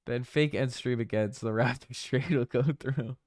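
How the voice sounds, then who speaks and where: A man's voice: mid-range voice, normal speed, darkish tone, no echo, clean studio sound. A man from Newfoundland hosting a basketball livestream in casual chat, rambling and jokey, often repeating his own phrases. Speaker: basketball channel host.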